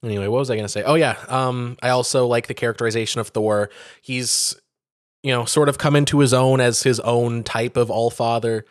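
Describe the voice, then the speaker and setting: A man's voice: medium pitch, steady tone, a little fast, no room sound, clean studio sound. A man co-hosting a podcast, chatting casually and retelling a story with profane, acted-out quotes. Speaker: podcast co-host. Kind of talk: casual chat.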